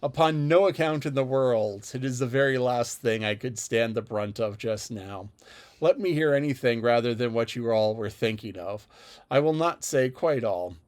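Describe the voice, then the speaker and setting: A man voicing a spirited, witty young gentlewoman with a teasing manner. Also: medium pitch, moderate pace, close to an everyday voice.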